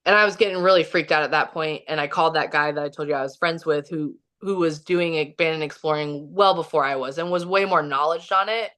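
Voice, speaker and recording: A woman's voice: deep voice, steady tone, fairly quick, hardly any pauses, a bit bright. A woman, a podcast guest from Kansas City, telling a long personal story in a casual, rambling way with many fillers, acting out the quotes. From Kansas City, Missouri. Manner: rambling, filler-heavy, acts out quoted dialogue.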